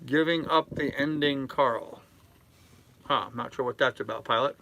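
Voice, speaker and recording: An older man live-streaming from his sailboat in a harbor, chatting casually with his chat in a relaxed, rambling way full of fillers. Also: mid-range voice, moderate pace. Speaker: sailing vlogger reading live chat.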